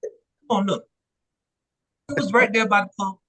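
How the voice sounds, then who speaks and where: Brief: a man doing a bright, hammy fake British pub guy with a shaky accent. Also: high-pitched, normal speed, voice pushed up, poor audio. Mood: playful. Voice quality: loose, exaggerated put-on accent. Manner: playful, hamming it up. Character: mock British man chatting about the pub.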